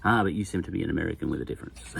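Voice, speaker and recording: A man's voice: low voice, very fast, vocal fry, slight background noise. An Australian man in his sixties, talking casually in a rambling podcast monologue, full of wry asides and chuckles. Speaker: podcast host.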